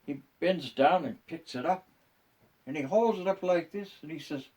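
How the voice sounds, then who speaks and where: An older man, a grandfather, telling jokes in an unhurried, folksy storytelling way. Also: a little high, darkish tone, distant mic. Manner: unhurried, folksy joke delivery.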